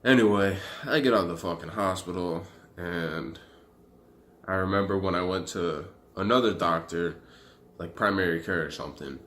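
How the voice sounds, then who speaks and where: Young man, very low voice, casual vlog storytelling, swears a lot, loose and animated. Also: moderate pace. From Arizona. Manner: profane, animated, loose and rambling. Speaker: vlogger.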